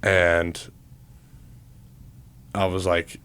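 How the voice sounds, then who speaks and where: Low-voiced laid-back young man. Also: flat delivery, extremely slow, a bit bright, clear, resonant tone. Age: 20s. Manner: laid-back, leans on "like" as filler. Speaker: podcast co-host, college football player. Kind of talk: casual chat.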